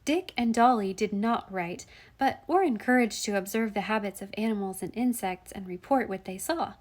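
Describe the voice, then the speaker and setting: A woman narrating a classic children's novel at a measured, gentle pace. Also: mid-range voice. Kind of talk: audiobook reading of a classic novel.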